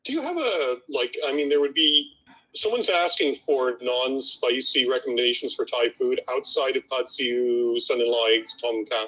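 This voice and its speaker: A co-host reading viewer questions aloud on a live Q&A, with hesitant pauses. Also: mid-range voice, bright, forceful tone, low-quality recording. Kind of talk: live Q&A chat.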